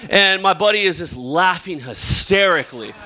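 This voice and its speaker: A man's voice: high-pitched, animated, normal speed, bright, forceful tone. A young man preaching a sermon, praying and then telling a casual story full of "like" and filler words. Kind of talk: sermon with opening prayer and personal story. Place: church or youth service hall.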